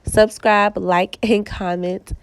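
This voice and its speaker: A woman's voice: medium pitch, little pitch movement, slow, clean tone, no room sound. A young woman with a Southern US accent, stuffy and congested from a cold, chatting casually through a hair tutorial and checking in with "okay?". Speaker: hair stylist vlogger.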